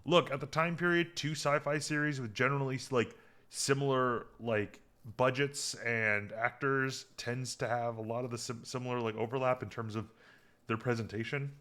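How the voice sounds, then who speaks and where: A man co-hosting a podcast in casual chat, rambling with lots of restarts and getting animated when something amuses him. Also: medium pitch, normal speed. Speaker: podcast co-host.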